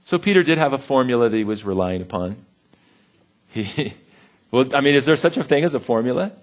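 A man preaching a sermon in a relaxed, conversational way, with humor and quick acted-out voices. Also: medium pitch. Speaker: pastor.

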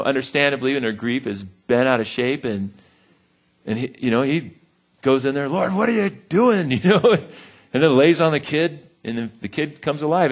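Conversational man preaching a sermon. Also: medium pitch. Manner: conversational, humorous, acts out voices with laughs. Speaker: pastor.

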